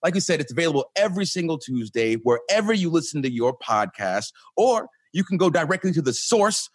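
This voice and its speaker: Upbeat male co-host, husky and dry, lively ad read. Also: fairly high pitch, brisk, dry recording. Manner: animated, upbeat, playful. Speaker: podcast co-host reading an ad. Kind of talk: ad read and casual chat.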